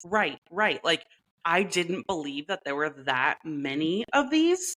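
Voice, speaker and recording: A woman's voice: low voice, very animated, slow, a bit bright, rough recording. A woman co-hosting a podcast in casual chat, playful and chatty, laughing often and leaning on "like". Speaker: podcast co-host.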